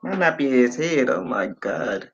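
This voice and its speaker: Speaking into a phone, a man in his late fifties hosts a laid-back livestream, wandering off on tangents and reading out viewer comments with casual profanity. His medium-pitched voice is very animated and unhurried. The highs in the audio are cut off.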